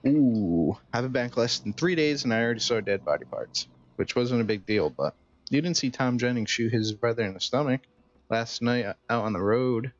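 A man's voice: medium pitch, lively intonation, normal speed, lightly acted. A man voicing a sardonic, awkward young adult female cat in a video game, reading her lines dryly. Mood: sarcastic. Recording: dull dry game capture with music.

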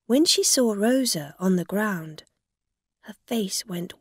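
A woman narrating a graded-reader story in a slow, careful, plain reading. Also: medium pitch, animated, slightly rough, no echo, studio quality.

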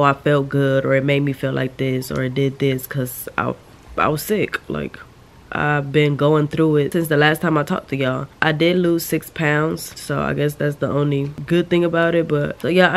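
A woman's voice: low-pitched, creaky. A young woman vlogging from home while sick with a sore throat, talking candidly and rambling to her viewers. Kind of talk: casual vlog update. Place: at home, lying down.

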